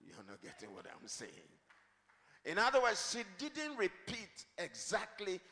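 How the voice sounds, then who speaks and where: High, gravelly man preaching in a hall. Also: wildly swooping pitch, a little slow. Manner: emphatic, builds to shouted declarations; leads the congregation in repeating lines. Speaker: pastor. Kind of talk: sermon with call-and-response. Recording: long reverb of a large hall.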